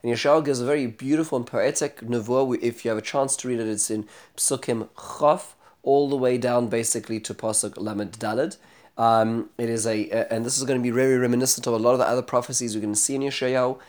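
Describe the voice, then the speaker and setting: A man giving a spoken lecture on scripture. He is animated, turns dramatic when he retells speeches, and often restarts and corrects himself. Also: mid-range voice, quick pace. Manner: frequent restarts and self-corrections. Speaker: Bible teacher.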